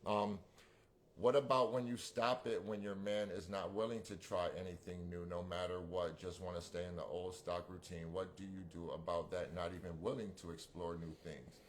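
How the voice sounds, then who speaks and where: Man, very low voice, podcast co-host, casual, rambling, slangy, reads live comments. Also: moderate pace, slight background noise. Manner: relaxed, rambling with restarts and slang. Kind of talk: casual chat.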